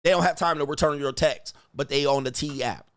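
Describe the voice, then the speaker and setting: A man's voice: a little high, brisk, fairly bright tone, dry recording. A man hosting a livestream, reading viewer donations aloud between blunt, crude rants. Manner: reads viewer messages aloud. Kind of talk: casual livestream rant.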